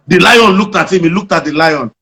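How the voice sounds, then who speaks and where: Animated Nigerian comedian, high male voice. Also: poor audio. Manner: animated storyteller, acts out jokes. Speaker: comedian guest. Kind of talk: interview storytelling.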